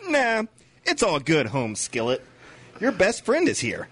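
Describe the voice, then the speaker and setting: Man doing a clingy lonely guy, husky. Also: a little high, wildly swooping pitch, unhurried, fairly bright tone, exaggerated voice. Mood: coaxing. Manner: eager, overly sweet and wheedling. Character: clingy lonely young man faking popularity. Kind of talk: comedy sketch acting.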